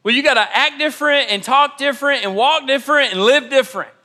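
Bright high-voiced young male preacher. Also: fast. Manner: storytelling, acts out quoted dialogue. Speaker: pastor. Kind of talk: sermon. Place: church auditorium.

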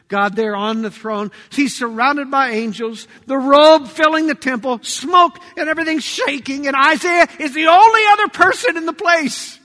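A man preaching a sermon to his congregation, dramatic, swinging between loud cries and hushed tones. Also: extremely high pitch, moderate pace. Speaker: pastor. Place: church sanctuary. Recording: long church hall reverb.

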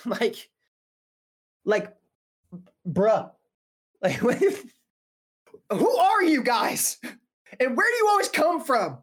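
A woman preaching a casual sermon, talking conversationally with joking, slangy asides. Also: high voice.

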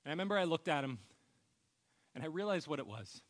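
Pastor, male, earnest preaching; light, higher-pitched voice that drops soft at the ends of thoughts. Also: expressive, fast talker. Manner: earnest personal storytelling; often trails off to a soft low voice. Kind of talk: sermon.

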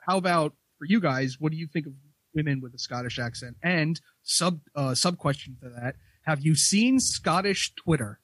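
A man talking in a halting, hesitant way in a casual podcast chat. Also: a little high, a bit bright, dry recording, rough recording. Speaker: podcast co-host.

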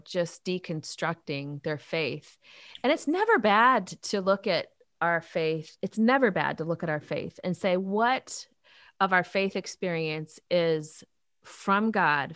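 Earnest woman, lowish voice, dry sound. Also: dry recording. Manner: earnest, animated storytelling with faith talk. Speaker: author and youth ministry leader. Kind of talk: interview answers.

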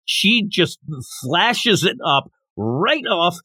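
Animated man recapping a manga. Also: sits high, extremely slow, dry recording. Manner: animated, jumps into character voices. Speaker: podcast host.

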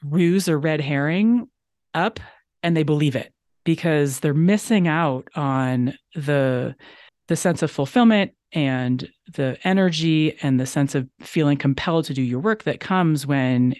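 A woman's voice: deep voice, a little slow, darkish tone, dry recording. Emphatic woman guest, dry close sound. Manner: emphatic, repeats phrases for stress. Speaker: podcast guest, business consultant. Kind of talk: conversational interview.

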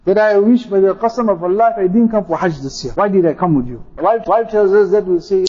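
A man's voice: sits high, animated, fairly quick, dark tone, dull audio. A man, a mufti, preaching a sermon, repeating phrases for emphasis and reciting Arabic quotations. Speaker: mufti giving a talk.

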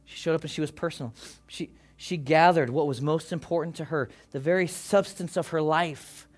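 A pastor preaching a sermon to his congregation, impassioned and swinging from loud calls down to hushed near-whispers. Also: on the high side, moderate pace. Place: church service before a congregation.

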